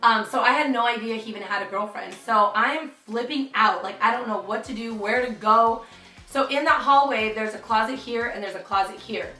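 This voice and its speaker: A woman's voice: fairly high pitch, brisk, bright, forceful tone. A young woman telling a dramatic story in a chatty vlog, full of "like". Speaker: vlogger. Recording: roomy, distant, faint music.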